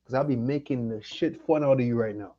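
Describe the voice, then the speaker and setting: A man's voice: mid-range voice, fairly quick, dark tone, lo-fi sound. A man from Jamaica hosting his channel, ranting with profanity and repeating himself, tipsy from liquor and weed. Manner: profane, annoyed, repetitive ranting. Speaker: channel host. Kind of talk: livestream rant.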